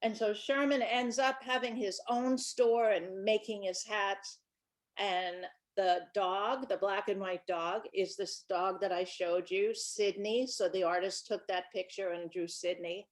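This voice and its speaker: A woman's voice: medium pitch, steady tone, unhurried. A woman who writes children's books, talking casually and chattily about her books, with small restarts. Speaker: children's book author.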